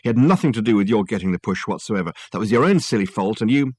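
A man's voice: fairly low pitch, animated, fast talker, darkish tone, slightly rough, no echo. A man voicing a flustered, awkward young man who talks defensively. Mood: indignant.

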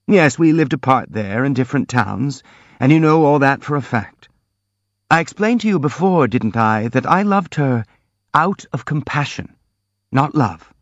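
A man reading the part of an earnest, gentle young prince in an audiobook, in a soft, pleading way, recorded dry and slightly dull. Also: medium pitch, dry recording, natural voice.

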